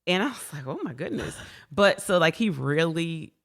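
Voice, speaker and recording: A woman in a casual interview chat, warm, laughing often and repeating words as she talks. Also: sits low, animated, normal speed. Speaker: guest.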